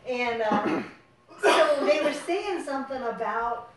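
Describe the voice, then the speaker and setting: Woman caller, fairly high voice, rambling anecdotal storyteller, in a distant and roomy recording. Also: animated, takes it slowly, a loud crowd. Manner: rambling, laughing often. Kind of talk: casual storytelling. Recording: roomy distant sound, faint noise.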